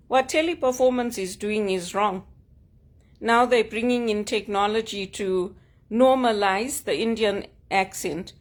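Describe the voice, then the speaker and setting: A woman's voice: medium pitch, unhurried. A woman vlogging at home, talking frankly and with grievance in short emphatic statements. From Zimbabwe. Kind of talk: personal vlog monologue. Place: at home, sitting on a couch.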